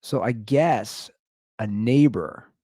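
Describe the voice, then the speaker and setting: A man hosting a podcast, telling comic neighborhood stories in an animated way, laughing and acting out the people he quotes. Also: medium pitch, slow, no echo, clean studio sound. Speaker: podcast host. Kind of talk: comedic storytelling rant.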